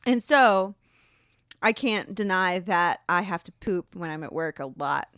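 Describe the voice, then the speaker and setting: A woman's voice: lowish voice, animated, unhurried, fairly bright tone, dry recording, studio quality. A woman from Alabama, co-hosting a podcast, telling a rambling story in casual chat and laughing often. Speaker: podcast co-host.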